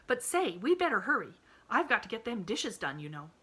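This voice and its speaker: Woman reader as a rustic young maid: flustered, kind, exclaiming, folksy, voice lifted and bright. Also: a little high, sing-song, a little fast, husky, pitched above the performer's own voice, full character voice. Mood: alarmed.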